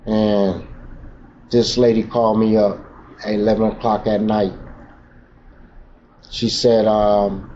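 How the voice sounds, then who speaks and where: The recording is dull and lo-fi with faint noise. A man shares his personal testimony at a recovery meeting in raw, emotional, slang-heavy street talk. His voice is lowish and dark, flat in delivery, and he speaks slowly with frequent pauses.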